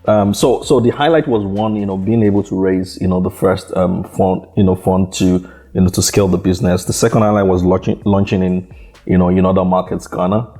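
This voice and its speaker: Low, mellow male founder from Nigeria, halting interview guest heavy on fillers. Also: fairly even intonation. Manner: hesitant, many repeated words and "you know" fillers. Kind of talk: conversational interview.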